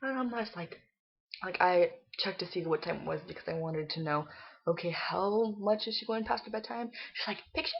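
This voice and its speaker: A woman's voice: lowish voice, normal speed, vocal fry, husky. A young woman vlogger telling a story in a casual chat, full of "like" and acting out what was said. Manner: chatty retelling, full of "like", acting out quotes. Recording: dull lo-fi home recording.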